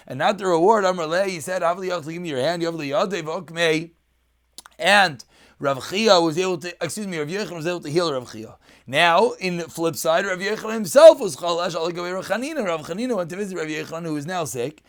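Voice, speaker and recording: A man teaching a daf yomi Talmud lesson. He reads Aramaic phrases and explains them in English. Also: high voice.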